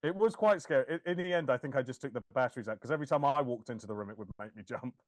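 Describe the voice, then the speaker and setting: A man hosting a casual podcast chat, telling stories in an animated, jokey way. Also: mid-range voice, very fast, dry recording. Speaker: podcast host.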